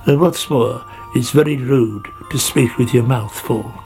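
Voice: mid-range voice, a little slow, mellow, soft background music, natural voice. A storyteller doing a fussy, preachy old snail. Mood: prim. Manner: tutting and scolding. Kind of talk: storybook character voice.

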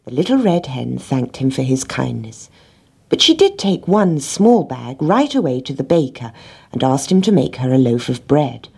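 A woman reading a children's storybook aloud, gently, with lively character voices. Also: rumbling low, normal speed, gravelly, husky.

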